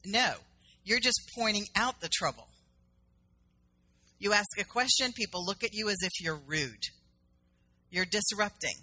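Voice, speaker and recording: A woman's voice: mid-range voice, a little slow, long pauses, pushed and bright. A middle-aged woman minister from South Carolina giving a sermon in a conversational storytelling manner, acting out the dialogue in her stories.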